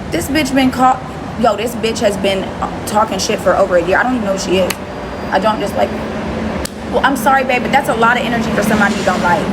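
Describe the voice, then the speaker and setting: A woman hosts her own phone livestream and vents at a commenter in a blunt, scornful tone. Her voice sits on the high side, and she hammers the same dismissive lines again and again. A steady hum of background noise runs under her talk. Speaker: livestream host. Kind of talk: ranting livestream talk to viewers.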